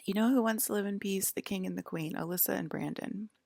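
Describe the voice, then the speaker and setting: A woman's voice: medium pitch, quick pace, creaky, darkish tone. A woman in a rambling personal monologue, leaning heavily on "like" as she talks. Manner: rambling, heavy use of "like". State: close to tears.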